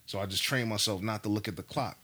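A husky-voiced man tells a story in casual chat. His tone is bright and forceful, his speech animated, slangy and profane, and his pitch sits low. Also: fast talker.

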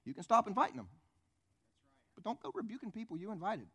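A man's voice: sits high, very animated, fast talker, sharp tone, husky. A male pastor preaching a conversational sermon full of rhetorical questions and acted-out stories.

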